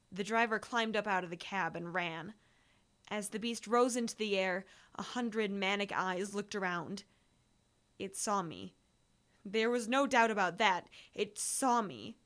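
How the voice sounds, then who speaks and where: A woman's voice: medium pitch, fairly bright tone. A woman reading a first-person story aloud, building to breathless urgency in the action. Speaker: audiobook narrator.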